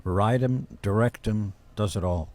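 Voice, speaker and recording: A man as a podcast guest telling casual stories in a blunt, profane, deadpan-boasting way. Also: on the low side, a little slow. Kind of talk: casual storytelling.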